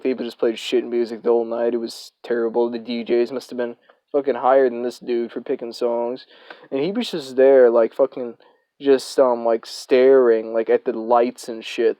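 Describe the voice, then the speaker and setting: Young male storyteller, casual and filler-heavy, mellow and dry. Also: mid-range voice, no room sound. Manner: rambling, profane, filler-heavy.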